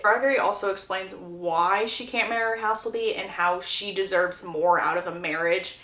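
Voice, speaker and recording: A woman recapping a romance novel plot in a chatty, animated way with dramatic asides. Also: medium pitch, moderate pace, hardly any pauses. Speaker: book recap creator. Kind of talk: casual story recap. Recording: roomy echo.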